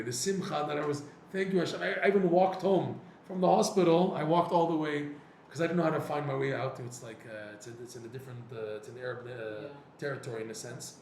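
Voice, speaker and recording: A man teaching a Torah class, telling a personal story and acting out his own prayers and dialogues in an animated way. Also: a little high. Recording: echoey room with faint noise.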